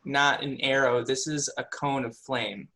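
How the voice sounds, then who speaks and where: A man's voice: medium pitch, steady tone, a little slow, pushed and bright. A man running a tabletop game as game master, patiently explaining the rules to the players.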